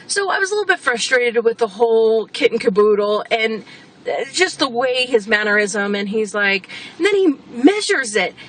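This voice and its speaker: A woman with a high voice talks in an exasperated, blunt way and swears freely. She rants casually as a homeowner. Car and street noise is clearly audible under her voice. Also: a bit bright, poor audio. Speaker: homeowner venting on camera. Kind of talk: casual rant. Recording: background traffic noise.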